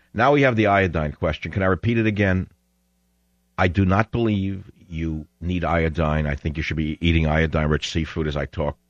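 A man's voice: sits low, no echo, dull audio. A man hosting a call-in talk radio show, sarcastic, confrontational and mocking toward callers.

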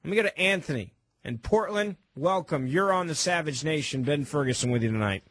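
Emphatic high-voiced male radio host. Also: expressive, a little fast, fairly bright tone, no echo. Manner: emphatic, sarcastic, opinionated. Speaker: fill-in talk radio host. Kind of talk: call-in talk radio.

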